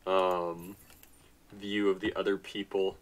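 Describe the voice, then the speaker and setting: A man's voice: low-pitched, little pitch movement, takes it slowly. A man casually commenting on his strategy game as he plays, nonchalant and chatty, talking to himself and sounding tired. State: tired, yawning. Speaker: gaming channel host. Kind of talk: casual let's-play commentary.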